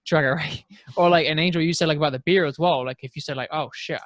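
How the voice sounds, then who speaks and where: Casting: chatty male podcast co-host, voice a touch high, dry close-miked sound. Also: fairly even intonation, quick pace, fairly bright tone, no echo. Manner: chatty, laughs often, swears casually. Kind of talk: casual chat.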